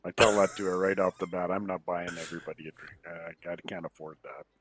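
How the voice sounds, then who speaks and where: A man's voice: sits low, fairly even intonation, fast, fairly bright tone. A man playing a tabletop game, dry and stubborn in tone. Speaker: player. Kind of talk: casual play.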